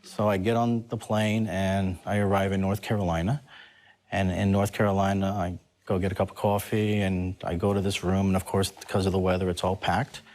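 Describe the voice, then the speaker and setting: Low-voiced man telling a story. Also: a little fast. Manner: animated, laughs while telling a story. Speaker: guest. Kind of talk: storytelling on a talk show.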